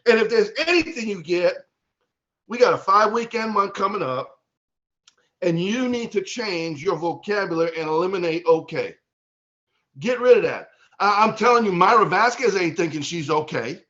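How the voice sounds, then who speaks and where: High-voiced fervent man on a video call. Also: moderate pace, highs cut off. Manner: fervent preacher-like, builds to shouting. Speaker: business leader speaking to team. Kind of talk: motivational pep talk.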